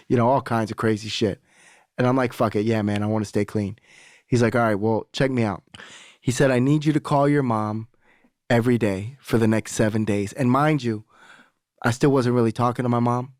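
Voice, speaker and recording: A man's voice: mid-range voice, steady tone, brisk, darkish tone, no room sound, clean studio sound. A young adult man, a podcast guest, telling a candid personal story in casual talk, swearing freely and acting out the voices of people he quotes.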